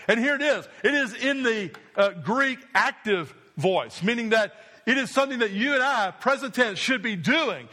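A man preaching a sermon as pastor, repeating phrases with rising emphasis and dropping his voice low to drive points home. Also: sharp tone.

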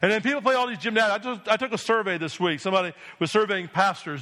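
High, bright-voiced preacher man. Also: fast. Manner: emphatic preaching with repeated call-and-response "Amen?". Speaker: pastor. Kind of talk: sermon.

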